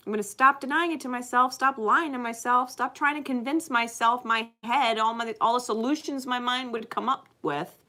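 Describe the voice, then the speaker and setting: Woman reader talking straight to camera, loose and profane, laughs a lot, bright voice. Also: on the high side, fairly even intonation, normal speed, few pauses. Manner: emphatic, swears constantly, laughs often. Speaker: spiritual card reader. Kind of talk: casual unscripted monologue to viewers.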